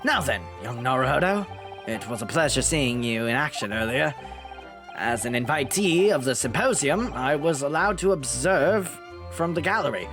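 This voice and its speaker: Brief: gruff older gent, read by a male streamer, raspy, formal, blustery. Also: high-pitched, huge pitch swings, quick pace, few pauses, music in the background, heavily acted. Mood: approving. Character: stern older gentleman, gruff official.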